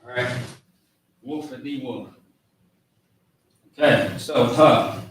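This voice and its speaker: A man giving a casual, slangy lesson on words, spelling them out slowly. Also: mid-range voice. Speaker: teacher of a language class. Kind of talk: informal lesson with a live chat. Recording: echoey room, far from mic, faint noise.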